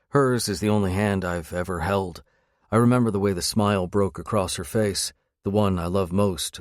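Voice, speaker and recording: A man reads a first-person romance audiobook in a wry, sardonic tone. His voice sits on the low side for a man. The recording is close and dry, with no room sound. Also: no room sound. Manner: wry, sardonic inner monologue. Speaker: audiobook narrator.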